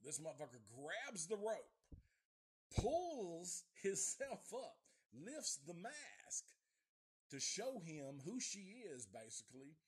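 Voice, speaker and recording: A man's voice: high-pitched, very animated, slow, breathy edge. A middle-aged man from the Nashville area, recapping a movie plot in a profane, rambling live review. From Nashville area, USA.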